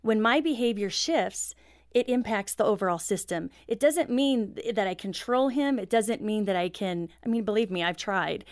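A woman's voice: medium pitch, animated, normal speed, dry recording, clean studio sound. A middle-aged woman, a guest author, talking earnestly about faith and marriage, with frequent "you know" fillers. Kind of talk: earnest faith-based interview talk.

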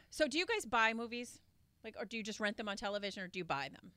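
Fast-talking podcast co-host woman. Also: a little high, sing-song, sharp tone, dry recording. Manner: quick, swearing, mumbles to herself. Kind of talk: casual podcast chat.

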